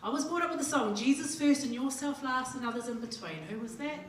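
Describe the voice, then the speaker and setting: A middle-aged New Zealand woman, a jokey storyteller at a conference, gives a humorous motivational talk in a high, expressive, fast voice. She's chatty and acts out little dialogues. She's heard from a distance in a reverberant hall, with room noise and the audience laughing.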